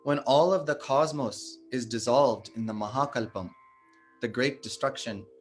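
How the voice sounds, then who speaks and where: Male devotional speaker, mid-range voice, measured storytelling delivery, soft music in the background. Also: mid-range voice. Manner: measured, explanatory, stresses sacred names. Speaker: satsang speaker.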